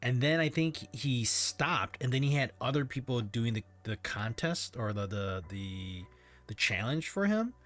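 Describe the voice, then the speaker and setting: A man's voice: medium pitch, lively intonation, unhurried, a bit bright, soft background music. A man hosting a livestream in casual chat, rambling and hesitant with frequent restarts. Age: adult parent. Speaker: livestream host.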